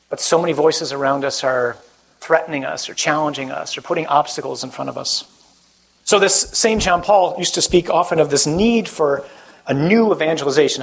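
A priest preaching a conversational sermon to a live audience, joking and putting questions to the listeners. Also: male voice, a little high, vocal fry, breathy edge, rough recording.

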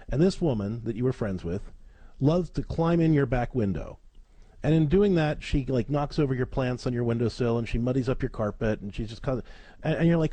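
Brief: male call-in show host and counselor, warm low tones, lively delivery. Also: breathy edge, no echo. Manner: animated, repeats words as he talks.

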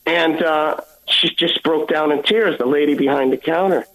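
A man giving an earnest personal testimony as a guest, halting and repeating words as he goes. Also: a little high, a bit bright, rough recording.

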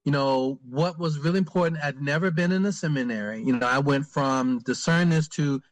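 A man, a priest, answering interview questions in a halting way with many fillers and restarts. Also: on the high side, no room sound.

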